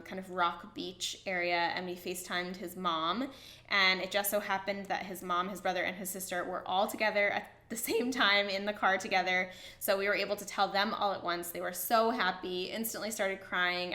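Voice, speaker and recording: A young woman vlogger telling a personal story in a gushing, excited way, full of "like" fillers. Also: mid-range voice, moderate pace, echoey room. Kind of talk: casual storytelling to camera.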